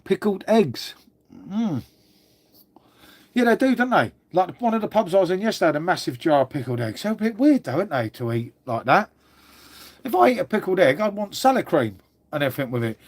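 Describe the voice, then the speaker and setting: A middle-aged man with an English accent, his voice high, hosts a laid-back livestream with no room sound. He chats matily with viewers, reads their comments and keeps calling them "mate."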